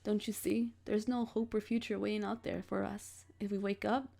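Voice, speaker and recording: A woman's voice: medium pitch, vocal fry, natural voice. A woman voicing a melancholy fallen prince. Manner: quiet, melancholy, pleading. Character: brooding young man, a fallen dreamy prince. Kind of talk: reading a visual novel aloud.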